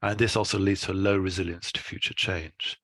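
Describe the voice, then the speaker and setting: Man giving a husky, forceful lecture. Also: low-pitched, level tone, no room sound. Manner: measured explanatory delivery with dry asides. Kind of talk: conference talk.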